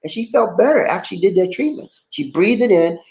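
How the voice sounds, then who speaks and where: An American man hosting a casual live stream from home, reading out viewer names, laughing often and talking in a lively, easygoing way. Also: sits high, brisk, muffled recording. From United States. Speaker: vlog host reading live chat.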